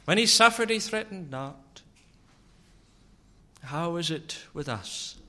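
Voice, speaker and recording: A man preaching a sermon, asking slow, searching rhetorical questions. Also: fairly high pitch, lively intonation, pushed and bright.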